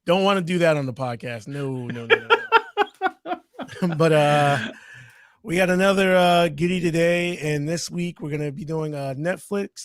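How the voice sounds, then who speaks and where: A man's voice: fairly high pitch, clean tone, no room sound, studio quality. A man co-hosting a casual review podcast, talking eagerly with lots of fillers and restarts. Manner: hesitant, many fillers and restarts, enthusiastic. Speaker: podcast co-host.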